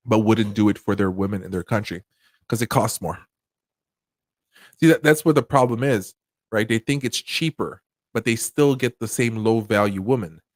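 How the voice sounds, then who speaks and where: A man hosting a commentary channel, talking casually in an animated, profane way and often laughing. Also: fairly low pitch, no room sound, clean studio sound.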